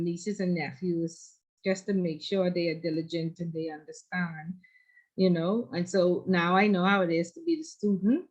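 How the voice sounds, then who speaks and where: A woman instructor teaching an online class, chatty and teasing, telling stories between questions to her students. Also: lowish voice. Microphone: video call. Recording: dull lo-fi video call audio.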